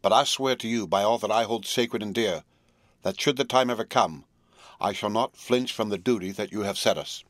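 A man voicing a rough but loyal man who solemnly swears an oath, in a storybook reading. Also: lowish voice, normal speed, a bit bright, no room sound, close to an everyday voice. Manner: solemn and earnest.

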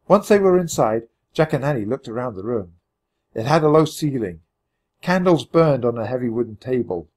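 A man narrates a children's adventure book with a husky, slightly breathy voice. His pitch moves a great deal as he builds up tension and drops into hushed moments. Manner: expressive, dramatic storytelling. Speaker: audiobook reader.

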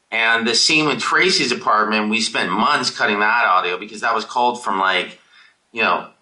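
A film director answering audience questions over a video call, rambling and emotional, swearing casually. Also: male voice, medium pitch, sharp tone, poor audio.

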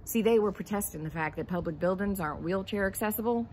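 A woman's voice: medium pitch, fast, darkish tone, slight background noise, natural voice, poor audio. A woman voicing a blunt, wry woman in a wheelchair, speaking in a matter-of-fact, teasing way within a spoken poem. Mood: dry. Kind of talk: poetry recitation, talking-blues storytelling.

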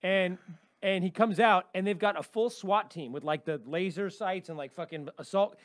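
A man co-hosting a podcast, telling stories at a quick clip and acting out the people in them. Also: sits high, no room sound, studio quality. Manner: fast storytelling, acts out the people in his stories. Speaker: podcast co-host. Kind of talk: casual podcast chat.

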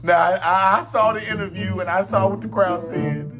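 A man hosting a reaction video, talking casually in heavy slang and breaking into loud laughter and exclamations. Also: high voice, fairly even intonation, normal speed. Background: music from the video he reacts to.

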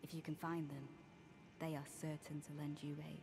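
An actress playing a devout female warrior guide who speaks in a measured, formal way, heard as game audio. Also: low voice, little pitch movement. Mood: solemn. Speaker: game character. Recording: game audio with music behind. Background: music.

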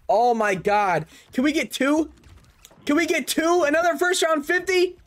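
A young man narrating a video game pack opening, excited and chatty, calling out each card and shouting over big pulls. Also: very high-pitched, unhurried, no room sound. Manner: hyped, shouts over big pulls, says "bro" a lot. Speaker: gaming YouTuber.

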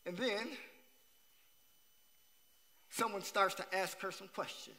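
Man, pastor, sermon, repetitive emphatic phrasing, high voice, long sanctuary echo. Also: steady tone, takes it slowly, vocal fry, bright, forceful tone. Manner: repeats phrases for emphasis, asks the congregation questions. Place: church sanctuary. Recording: long church hall reverb.

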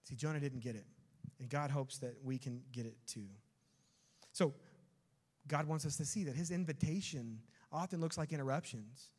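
A man preaching a sermon as pastor, animated and storytelling, with sudden rising bursts of energy. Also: medium pitch, moderate pace. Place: church sanctuary. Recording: long church hall reverb.

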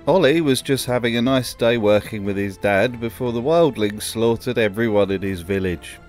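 A man's voice: medium pitch, moderate pace, darkish tone, soft background music. A man narrating a scripted commentary video with a dry, sardonic manner.

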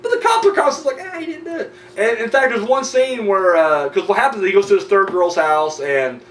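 A man's voice: sits high, expressive, brisk, fairly bright tone. A man reviewing a horror film in a loose, profane plot recap, full of "you know" and "like". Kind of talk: casual rambling plot recap. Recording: roomy, distant mic with faint hum.

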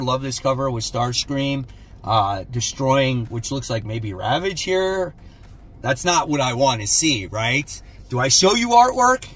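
Husky laid-back man reviewing comics. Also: a little high, fairly bright tone. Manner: laid-back, keeps saying "man", blunt opinions. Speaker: comic book channel host. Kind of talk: casual comic haul review.

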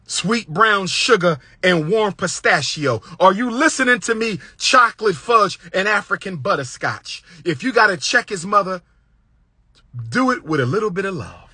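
Preacherly man, tense husky voice. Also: lively intonation, normal speed, dry recording, clean studio sound. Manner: preacherly, swings between loud high exclamations and low hushed asides; repetitive, emphatic cadence. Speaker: public speaker giving relationship advice. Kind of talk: impassioned lecture.

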